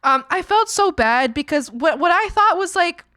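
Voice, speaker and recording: A woman's voice: very high-pitched, expressive, moderate pace, sharp tone, no room sound, studio quality. A young woman streamer telling her chat a story in a rambling way, full of "like" and restarts.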